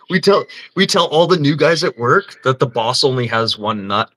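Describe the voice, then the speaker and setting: A man spins crude, lively anecdotes on his livestream, often cracking himself up. His voice has a sharp, bright edge that cuts through his casual chatter. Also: medium pitch. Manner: crude, animated storytelling, laughing often. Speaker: livestream host.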